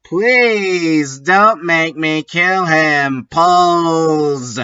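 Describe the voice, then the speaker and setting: A man voicing a melodramatic, self-absorbed teenage goth girl in a high, whiny falsetto, on a dull lo-fi recording. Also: sing-song, slow, bright, forceful tone, heavily acted. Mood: dramatic.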